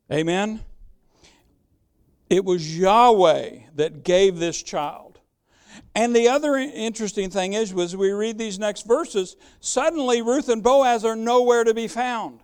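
A man's voice: high-pitched, a little mellow, smooth. A man preaching a sermon as pastor, emphatic and fond of rhetorical questions.

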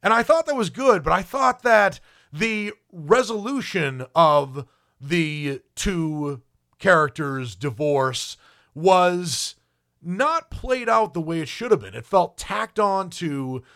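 A man's voice: high-pitched, expressive, takes it slowly, a bit bright. A man giving an opinionated spoken film review as a critic, with frequent ums and restarts.

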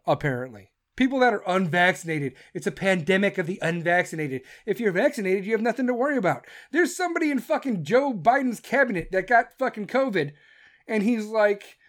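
A woman in her thirties giving an angry, sarcastic political rant full of swearing and mocking put-on voices. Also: fairly high pitch. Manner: mocks others in put-on voices. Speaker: political commentator.

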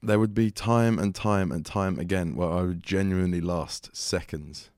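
A young man co-hosting a podcast who speaks frankly and explains things, with quick restarts. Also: low-pitched, a little mellow, no echo, clean studio sound. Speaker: podcast co-host. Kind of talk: casual chat.

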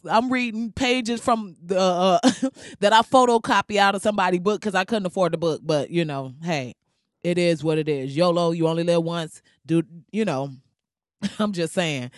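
A podcast host telling stories in casual, comedic chat, animated and full of slang and swearing, laughing often. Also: mid-range voice, no echo, clean studio sound. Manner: animated, slangy, profane storytelling with frequent laughs.

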